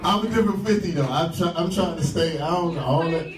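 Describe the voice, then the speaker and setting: A man with a high voice tells a raunchy story, laughing through it. He sounds far from the mic, with an echoey room, loud crowd chatter and noise around him. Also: fast talker. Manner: crude, laughing, animated storytelling. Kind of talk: comic storytelling. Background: crowd and ambience.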